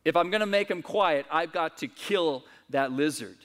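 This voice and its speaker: A man's voice: on the high side, normal speed, a bit bright, natural voice. A man voicing a firm, matter-of-fact angel in a preached story. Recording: reverberant church hall.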